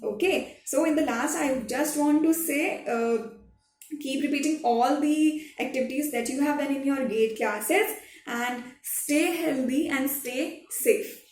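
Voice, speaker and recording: A woman teacher with a fairly high voice explains a home activity to young pupils, hesitating often and asking "right?" to check they follow. She sounds a bit distant from the mic, in a room with a noticeable echo. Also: measured pace, darkish tone. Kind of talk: online class instruction.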